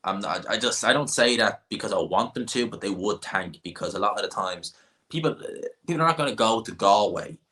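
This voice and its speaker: An Irish man hosts a casual livestream, replying to viewer comments in a rambling, opinionated way and often restarting his sentences. His voice is lowish, animated and brisk, with a sharp tone.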